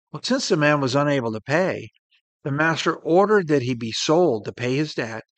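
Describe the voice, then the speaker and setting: A man preaching a sermon in an earnest way, his voice swelling and then dropping soft as he reads and explains scripture. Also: on the high side, dry recording.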